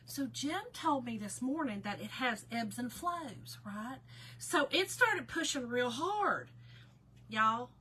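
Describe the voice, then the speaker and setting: A woman hosting a casual livestream, telling a story to her viewers in an animated way and often breaking into laughter. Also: on the high side, slow, slight background noise. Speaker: livestream host.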